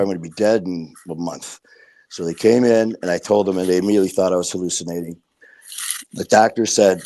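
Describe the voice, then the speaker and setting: Podcast guest: man, lowish voice, blunt and profane, acts out quoted dialogue. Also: warm tone. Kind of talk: casual storytelling.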